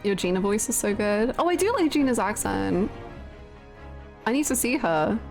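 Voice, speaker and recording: A young British woman hosting a casual game stream, reading viewer comments in giggly, bashful, animated bursts. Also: medium pitch, normal speed, gravelly, soft background music. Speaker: livestream host.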